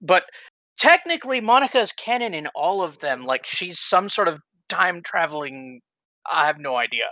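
A man's voice: high voice, sing-song, moderate pace, pushed and bright, dry recording, rough recording. A man co-hosting a casual podcast, explaining background in a hedging way. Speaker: podcast co-host. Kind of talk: casual chat.

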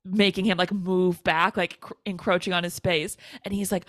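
A woman's voice: on the low side, steady tone, a little fast, fairly bright tone. A woman co-hosting a podcast in casual chat, enthusiastically recapping a film scene and quoting the characters. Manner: enthusiastic, laughs often, quotes characters. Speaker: podcast co-host.

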